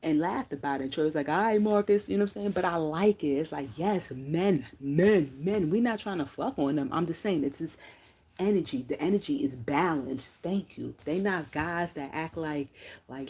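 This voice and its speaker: A middle-aged woman giving casual, profane commentary as a streamer, loud and laughing, full of slang as she tells stories. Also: low voice, normal speed, husky. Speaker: streamer commenting on street interview channels.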